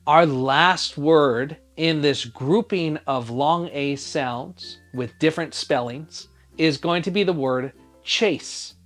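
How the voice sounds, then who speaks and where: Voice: medium pitch, slow, hardly any pauses, faint music behind. A teacher giving a phonics spelling lesson for young children, sounding out each letter patiently and asking the listener to spell along.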